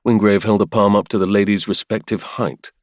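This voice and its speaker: Low-voiced male audiobook narrator. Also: steady tone, brisk, no room sound, clean studio sound. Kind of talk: scripted narration.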